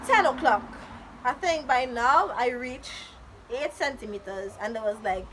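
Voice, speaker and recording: A woman vlogger with a high, bright voice tells her story in a casual, chatty way. She is animated and dramatic, slipping into quoted voices as she goes. A faint hiss sits under the recording. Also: moderate pace, low-quality recording.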